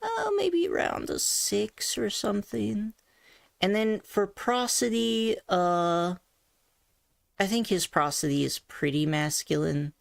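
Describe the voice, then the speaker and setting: Brief: slow-talking vlogger, gravelly, thoughtful and self-critical, close and dry. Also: medium pitch, animated, no echo. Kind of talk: casual voice training vlog.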